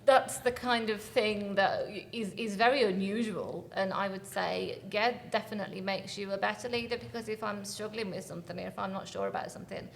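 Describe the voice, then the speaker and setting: A woman's voice: medium pitch, steady tone, brisk, vocal fry, few pauses, a little hiss or hum. A woman chatting casually on a workplace podcast, talking freely with fillers like "like" and "you know". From England. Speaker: employee and podcast co-host.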